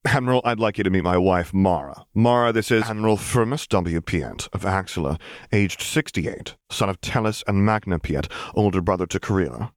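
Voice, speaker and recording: A man's voice: low-pitched, moderate pace, dry recording, studio quality, close to an everyday voice. A man reading a story, voicing an earnest, good-humored young Jedi husband who talks playfully.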